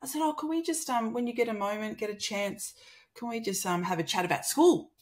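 A woman's voice: fairly high pitch, brisk. A woman in her thirties with an Australian accent, a guest telling a personal story in conversation and acting out the dialogue. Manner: animated, acts out quoted dialogue.

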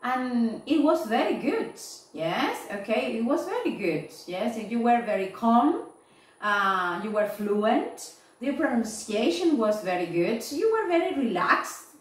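Woman, English teacher, slow careful feedback, frequent "okay?" checks, roomy echo. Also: on the high side, very animated, distant mic. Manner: slow, repeating "yes?" and "okay?" to check understanding. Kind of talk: online class feedback.

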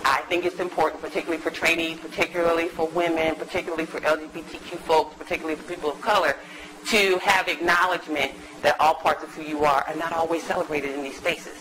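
A woman academic giving a lively, chatty talk to a live audience in a university lecture room, teasing the listeners as she goes. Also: lowish voice, quick pace, noisy background. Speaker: guest lecturer, academic psychologist.

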